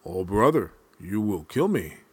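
A man's voice: lowish voice, very animated, unhurried, breathy edge, dry recording, heavily acted. A man voicing a big, gullible male grizzly bear in a spoken folk tale, eager and naive. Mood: insistent.

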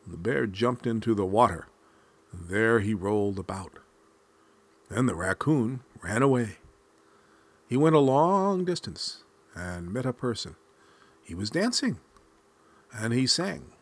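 A man reading a folk tale aloud in a measured, expressive storytelling manner. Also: lowish voice, breathy edge.

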